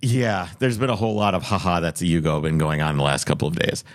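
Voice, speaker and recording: A man from Minnesota with a fairly low voice tells a rambling story in casual chat. He keeps it loose and animated, full of filler words, as one of the hosts. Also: fast talker. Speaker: podcast co-host.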